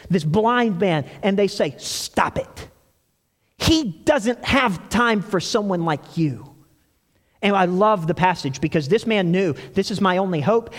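A man preaching a sermon, telling stories with animated delivery and acting out quoted lines. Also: high-pitched, big-room sound. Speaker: pastor.

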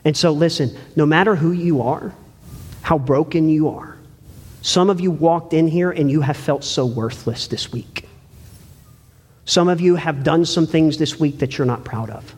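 A man preaching a sermon in a church, earnest and pleading, swinging between loud emphasis and hushed words. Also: fairly high pitch, unhurried, husky. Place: church sanctuary. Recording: long hall reverb.

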